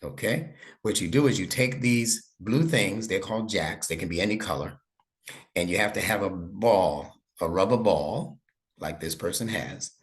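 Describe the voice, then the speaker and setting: One-on-one with a young student, a middle-aged Arabic instructor and imam explains patiently, one step at a time, checking that his meaning gets across. His voice is low and his pace moderate.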